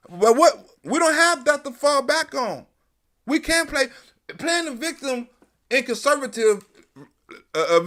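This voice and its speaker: A man's voice: very high-pitched, pushed and bright. A man hosting a live stream, delivering an emphatic, profane, repetitive political commentary rant.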